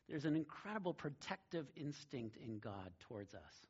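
A middle-aged man delivers a sermon in a casual, storytelling manner, his voice a bit husky and breathy. The recording sounds dull and lo-fi. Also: mid-range voice, big pitch swings, normal speed, few pauses. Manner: conversational storytelling with a warm laugh. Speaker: pastor.

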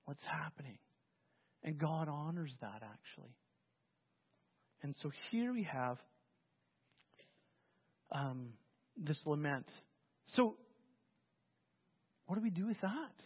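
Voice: mid-range voice, sing-song, takes it slowly, long pauses, slightly rough. A pastor preaching a sermon in a conversational, storytelling way, often restarting phrases. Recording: phone-like, with long hall reverb.

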